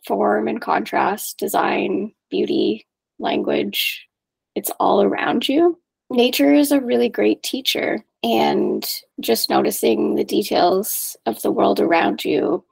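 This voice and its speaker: Creaky, husky woman, earnest. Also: on the high side, darkish tone. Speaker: environmentalist, artist and program coordinator. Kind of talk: interview answer.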